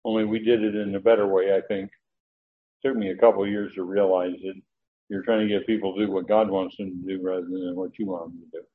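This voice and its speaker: A man's voice: sits low, little pitch movement, fast, a little hiss or hum. Guy teaching bible verses, chatty and rambling, kinda muffled lo-fi audio. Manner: conversational, with frequent fillers. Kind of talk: sermon. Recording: dull lo-fi recording with faint ambience.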